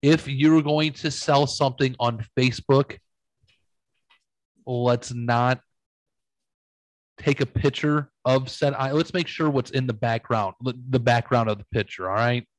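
A man's voice: medium pitch, steady tone, a little slow, no echo, poor audio. Profane storytelling man, dry close sound. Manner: profane, storytelling, acts out quoted voices. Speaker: podcast host. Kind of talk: casual chat.

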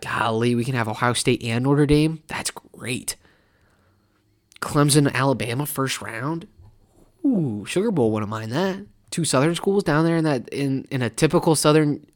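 A man hosting a sports podcast, talking casually and animatedly in a rambling way, now and then slipping into mock fan voices. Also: a little high. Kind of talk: casual college football opinion talk.

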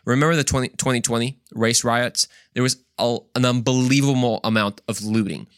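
This podcast host's voice is medium-pitched, steady, smooth and a little fast, captured dry with clean studio sound. He runs an emphatic Christian monologue, firing off rhetorical questions while repeating words and restarting often.

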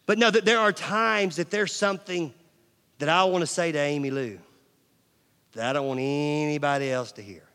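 A middle-aged male pastor preaching a sermon, swinging from loud emphasis to near-whispers and asking the audience questions. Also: a little high, normal speed, smooth. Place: large church hall. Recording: long church hall reverb.

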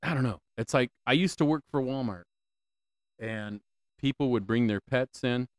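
A man's voice: mid-range voice, normal speed, dry recording. A man hosting a solo podcast, ranting with lots of swearing, repeated questions and stammering restarts, on a close mic. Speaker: podcast host.

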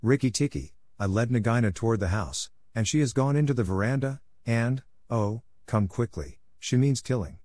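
A man's voice: mid-range voice, normal speed, few pauses, darkish tone, no echo, close to an everyday voice. A man voicing a frightened female bird who shrieks and pleads in a storybook reading. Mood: desperate. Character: frightened female tailorbird, sensible and desperate.

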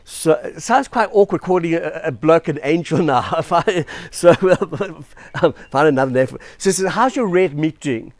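A man's voice: a little high, normal speed, dry recording. A man from South Africa preaching a sermon as pastor, telling stories in a chatty, self-deprecating way.

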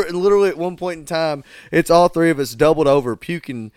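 Young male podcast host, casual storyteller, smooth tone, dry close sound. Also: on the high side, fast talker, few pauses, darkish tone, no room sound. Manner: profane, laid-back, laughs through stories.

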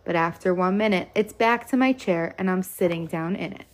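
A woman's voice: on the low side, moderate pace, lightly acted. Label, a woman voicing a grumbling older boy. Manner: reluctant, whiny.

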